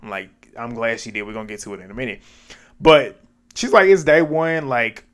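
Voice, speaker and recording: A man casually recapping a dating show, chatty and quick to laugh at his own asides. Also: medium pitch, lively intonation, fairly bright tone. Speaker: reality TV recap host.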